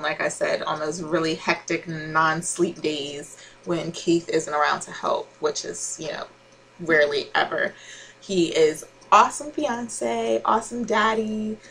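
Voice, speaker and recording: A woman's voice: fairly low pitch, vocal fry, a bit bright, a little hiss or hum, rough recording. A young woman chatting casually to camera as a vlogger, with frequent laughs and fillers.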